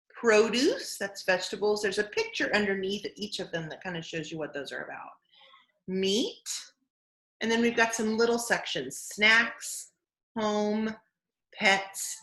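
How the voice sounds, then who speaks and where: A young adult woman, a music therapist, telling a silly story and teaching young children in a slow, exaggerated, playful way with gasps and exclamations. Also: medium pitch, pushed and bright. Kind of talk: sing-song children's lesson and storytelling.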